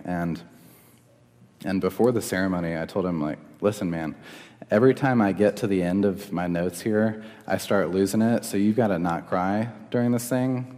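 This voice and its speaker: A man's voice: low-pitched, darkish tone. A young man preaching a sermon as pastor, earnest and conversational, in a church hall. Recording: long reverb of a hall.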